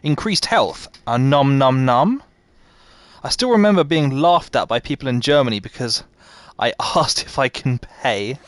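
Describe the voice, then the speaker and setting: A man's voice: mid-range voice, lively intonation, no room sound. A British man giving casual, self-deprecating commentary to his chat while streaming a game. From Britain. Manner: self-deprecating, quick asides to chat, laughs often. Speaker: gaming streamer. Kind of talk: casual live gameplay commentary.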